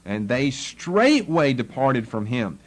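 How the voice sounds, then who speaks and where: A man's voice: mid-range voice, very animated, takes it slowly. A man teaching a Bible lesson, explaining the text and acting out the tone of the people he quotes. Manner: explanatory, acts out the tone of quoted speakers.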